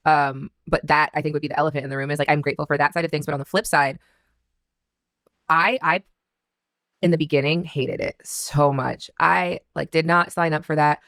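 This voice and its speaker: A woman in her thirties answering interview questions in a candid storytelling way, with many filler "like"s. Her voice sits low for a woman. The recording is dry and close. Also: fairly even intonation, brisk, fairly bright tone, dry recording. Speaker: interview guest.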